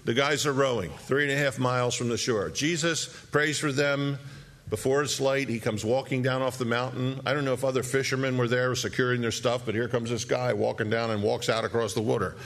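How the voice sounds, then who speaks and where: A man preaches a sermon in a mid-range voice at a fairly quick pace. He tells the scene vividly and with animation, acting out moments and posing rhetorical questions.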